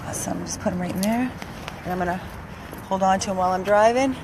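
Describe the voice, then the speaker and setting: A woman's voice: medium pitch, fast, background noise. A woman filming a dog rescue for viewers, cooing baby talk to an old dog and speaking earnestly to the camera. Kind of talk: casual vlog, talking to camera and to a dog. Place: outdoors by a car, then inside the car.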